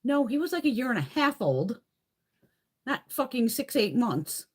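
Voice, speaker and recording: A woman's voice: a little high, very animated, a little slow, husky. A woman hosting a beauty live stream from home, chatting casually with blunt, profane storytelling.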